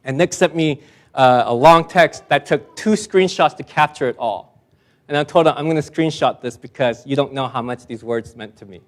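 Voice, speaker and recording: Self-deprecating pastor, emphatic at the close. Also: male voice, medium pitch, moderate pace. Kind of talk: sermon.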